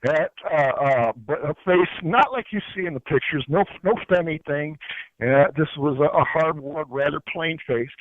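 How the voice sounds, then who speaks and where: A man's voice: a little high, dry recording. A man as a guest, teaching spiritual ideas in an earnest, preachy way, often repeating words as he searches for them, heard over a phone line. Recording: tinny dry phone line.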